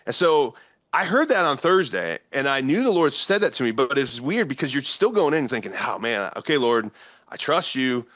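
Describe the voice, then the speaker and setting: A man with a Midwestern American accent is telling a story as a guest in an interview. He speaks at an ordinary middle pitch and keeps slipping into the voices of the people he quotes, laughing now and then. The recording is dry and close, with no room sound. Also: sing-song, normal speed, fairly bright tone, no echo. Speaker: guest, politician and former pastor. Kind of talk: animated storytelling in conversation.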